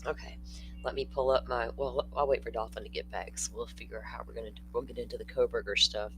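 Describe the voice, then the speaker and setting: A man's voice: medium pitch, fairly even intonation, fast, noisy background. An older man hosting a true-crime livestream, talking casually and bluntly, answering viewers in the chat.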